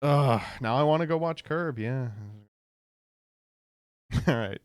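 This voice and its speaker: A man streaming, reacting to posts in a casual, animated way, laughing often and swearing. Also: mid-range voice, slow, clean tone, no room sound, studio quality.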